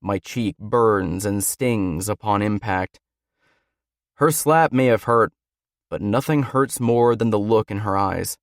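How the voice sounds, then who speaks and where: A man's voice: on the low side, takes it slowly, no room sound, studio quality. A man reading a first-person romance audiobook in a brooding, intense manner. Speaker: audiobook narrator. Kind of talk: scripted first-person narration.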